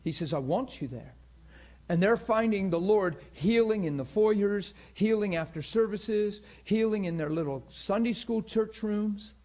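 A middle-aged man teaching a class on healing in a loose, animated sermon style, acting out the people he quotes. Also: high-pitched, unhurried. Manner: animated storytelling, acts out quotes in voices.

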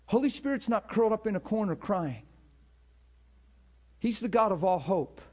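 Earnest guy preaching, voice on the high side, keeps repeating himself when fired up. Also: lively intonation, normal speed, a little mellow. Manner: earnest, fervent, with frequent repetitions and restarts. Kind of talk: sermon-style teaching with personal testimony.

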